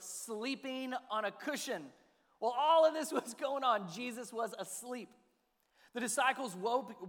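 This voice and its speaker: Man, pastor, sermon, conversational, questioning listeners, high voice, long hall reverb. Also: a bit bright. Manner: conversational, asks the audience questions.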